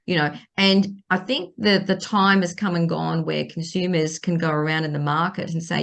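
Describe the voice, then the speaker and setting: A woman's voice: low voice, fairly even intonation, normal speed, gravelly, few pauses, a bit bright. A middle-aged woman, a lawyer giving advice on a podcast in an emphatic way, stressing and repeating her key points. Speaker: property lawyer. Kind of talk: podcast legal advice chat.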